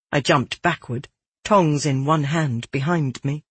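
An audiobook narrator reading a first-person fantasy story in a steady, earnest way. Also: mid-range voice, takes it slowly, slightly rough, no room sound.

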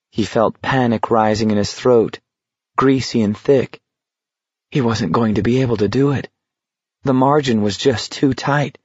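A man reading a novel aloud in steady, measured scripted narration. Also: medium pitch, husky, no echo, dull audio. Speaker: audiobook narrator.

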